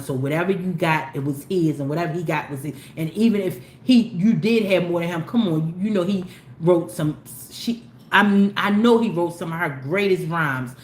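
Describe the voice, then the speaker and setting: A woman hosting a casual celebrity gossip commentary, animated and opinionated, with slangy talk that swings between low asides and loud exclamations. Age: older. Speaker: commentary host. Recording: echoey room with faint ambient noise.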